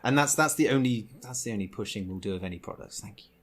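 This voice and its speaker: A man's voice: on the low side, quick pace, fairly bright tone. A man being interviewed on a podcast, easygoing and self-deprecating, talking with fillers. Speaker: game developer guest. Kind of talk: casual interview chat.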